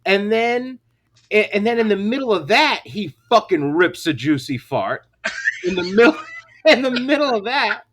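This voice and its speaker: A man co-hosting a crude comedy podcast, telling stories with animated delivery and dropping low for quoted voices. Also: measured pace, noisy background. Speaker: podcast co-host.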